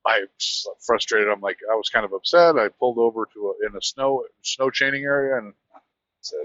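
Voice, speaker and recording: A man, a truck driver, telling a rambling, animated anecdote in casual conversation. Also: lowish voice, no room sound, muffled recording. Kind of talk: casual storytelling.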